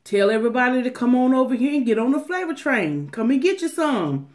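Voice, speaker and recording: A woman's voice: high-pitched, animated. A middle-aged woman, talking casually to camera on an eating channel, emphatic and preachy with many restarts. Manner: emphatic, preachy, drawn-out phrases with repeated restarts. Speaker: mukbang vlogger.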